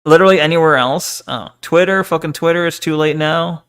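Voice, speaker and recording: Joking young male streamer, smooth voice. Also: fairly high pitch, brisk, a bit bright. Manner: self-deprecating, jokey, swears and laughs often. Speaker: VTuber streamer. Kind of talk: casual chat reading stream chat.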